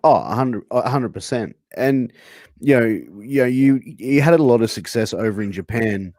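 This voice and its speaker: A man's voice: mid-range voice, expressive, moderate pace, a little mellow, no echo, clean studio sound. A man hosting an interview, asking long conversational questions and giving short agreeing replies. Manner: conversational, many fillers, brief agreeing replies. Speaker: interview host.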